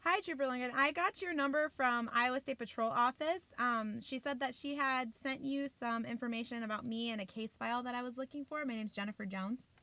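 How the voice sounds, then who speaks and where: A young woman filmed for a documentary, excitable and breathless, talking quickly on the phone and then shrieking with joy. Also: a little high, no room sound. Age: young adult. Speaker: documentary subject. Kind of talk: candid documentary footage.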